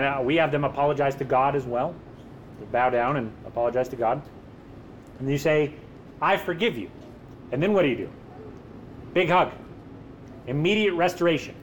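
A man's voice: on the high side, slight background noise. A man preaching a sermon in an emphatic way, posing rhetorical questions and answering them himself.

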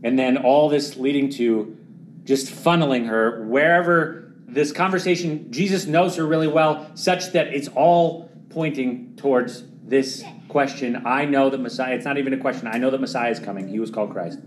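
A man delivering a sermon at a middle pitch with earnest conviction. He sinks into hushed, weighty lines and then lifts into emphatic, louder passages. A faint hiss sits under the voice. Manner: earnest, swings between quiet dramatic drops and louder emphatic pushes. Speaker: preacher.

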